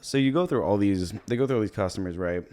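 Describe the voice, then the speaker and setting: Young man, comedy podcast host, lowish voice, rambling, profane, laughing, casual movie recap. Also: quick pace, darkish tone. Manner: rambling, profane, laughs while retelling scenes and puts on brief character voices.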